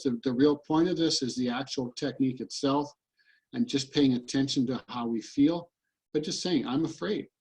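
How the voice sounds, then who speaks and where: A man's voice: medium pitch, darkish tone, low-quality recording. A man coaching listeners through a tapping routine over a video call, repeating short statements in an earnest way. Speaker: EFT practitioner and coach. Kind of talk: guided tapping demonstration.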